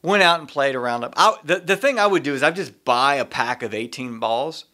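A middle-aged man co-hosting a podcast, telling an animated story in a casual way and laughing often. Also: mid-range voice, brisk. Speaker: podcast co-host.

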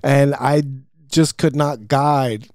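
A man's voice: mid-range voice, fairly even intonation, takes it slowly, darkish tone, dry recording, clean studio sound. A man hosting a podcast, telling stories in casual chat with lots of swearing and laughter. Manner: swearing, storytelling, laughing often. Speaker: podcast host. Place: studio.

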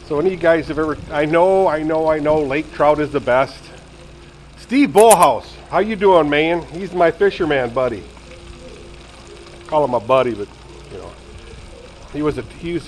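A retired man in his sixties rambles to viewers in a relaxed, chatty way, with lots of asides. His voice sits a little high for a man. He is recorded on a nearby camera in a home kitchen, with faint noise behind him. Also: low-quality recording. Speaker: vlogger. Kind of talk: casual home cooking vlog.

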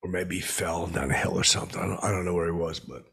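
A man telling a rambling comic anecdote, halting and full of fillers, with blustering asides. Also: low voice, vocal fry, a bit bright, husky. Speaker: storyteller.

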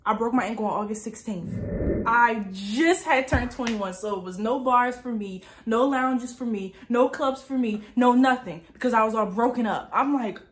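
A woman's voice: a little high, normal speed. A woman in her early twenties from New Jersey, telling a story casually and dramatically with lots of filler words. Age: early 20s. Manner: chatty, dramatic retelling with many "like" fillers. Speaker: lifestyle vlogger.

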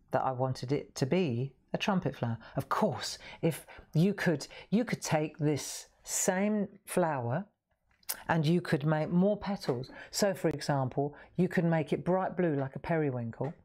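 Coloring live on a craft show, a woman with a low-pitched, slightly mellow voice chats as she goes. She often laughs and poses questions to the people watching.

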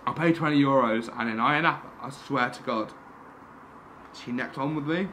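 Bright-voiced young man telling stories. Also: mid-range voice, moderate pace, slight background noise. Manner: animated, swearing, laughing through anecdotes. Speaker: podcast guest. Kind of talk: casual storytelling.

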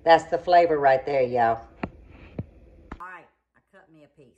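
Brief woman home-cook vlogger, lower-pitched voice, chatty and folksy, talking straight to camera from her kitchen. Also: normal speed, darkish tone, dull audio. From southern United States. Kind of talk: casual cooking demonstration.

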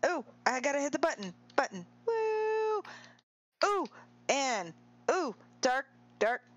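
A woman streamer giving excitable, giggly live commentary on a game race and cheering the players on. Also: high voice, a little slow, dull audio.

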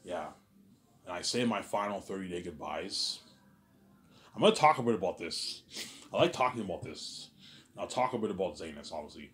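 A man talking alone in an intense, repetitive, rambling monologue, often trailing off quietly and swearing. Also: sits low, lively intonation, a little fast, pauses often. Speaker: vlogger.

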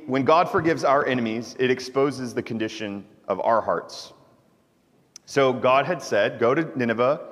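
A man of middle pitch preaches in a relaxed, conversational style, often tossing quick asides to his listeners. His voice carries a long church reverb, as if picked up in the sanctuary during a service. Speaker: pastor. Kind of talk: sermon.

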